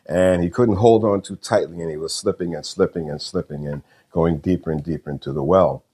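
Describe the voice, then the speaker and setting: Deep-voiced pastor preaching a homely sermon. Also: male voice, dark tone, slightly rough. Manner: folksy, unhurried, repeats phrases and fills with uh. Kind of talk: sermon with prayer and storytelling.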